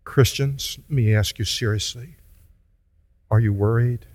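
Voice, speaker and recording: A man's voice: mid-range voice, a little mellow, dry recording. A man preaching a sermon as pastor, earnest and pleading, then leading the congregation in prayer. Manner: earnest, pleading, slow deliberate delivery.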